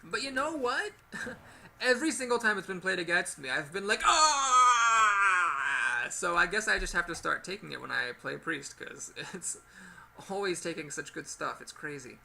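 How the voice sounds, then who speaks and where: A man hosting a gaming video, giving chatty, animated play-by-play commentary with playful exclamations. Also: sits high, normal speed, vocal fry. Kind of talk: casual gameplay commentary.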